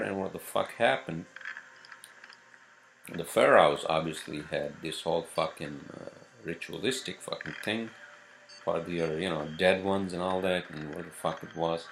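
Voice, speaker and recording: Low gravelly man rambling profanely. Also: a bit bright, slight background noise. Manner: profane, meandering, lots of fillers. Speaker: podcast host. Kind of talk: rambling solo monologue.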